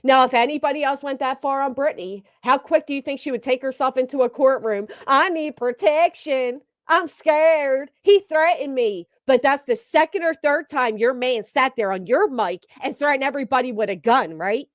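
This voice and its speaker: A woman's voice: high-pitched, brisk, hardly any pauses, no room sound, clean studio sound. A woman giving blunt, mocking, profanity-heavy reaction commentary. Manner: blunt, mocking, swears heavily. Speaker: commentary streamer.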